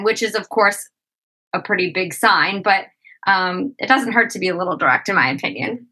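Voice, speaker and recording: A woman's voice: mid-range voice, normal speed, pushed and bright, low-quality recording. A woman as a podcast guest, talking reflectively in a casual interview and often saying "like" and "you know".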